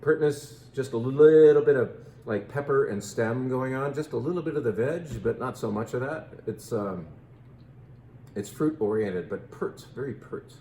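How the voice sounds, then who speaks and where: A man's voice: mid-range voice, moderate pace, darkish tone, reverberant, slight background noise. A man in his fifties hosting a casual wine tasting, chatting playfully and joking about how to pronounce names. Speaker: wine shop host.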